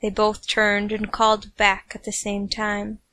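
A woman's voice: medium pitch, completely flat delivery, a little slow, pushed and bright, no room sound. A woman narrating a comic fan fiction story with playful, snarky asides.

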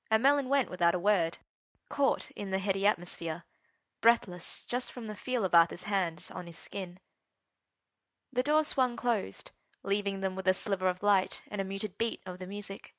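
Female story narrator, intimate dramatic reading, dry close recording, mid pitch. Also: a bit bright, no room sound. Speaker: story reader.

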